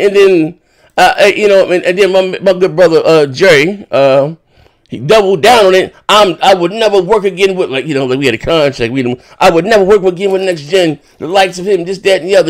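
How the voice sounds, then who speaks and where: A man hosting a podcast in casual chat, rambling and swearing as he retells a dispute with animated indignation. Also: a little high, fairly quick. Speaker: podcast host.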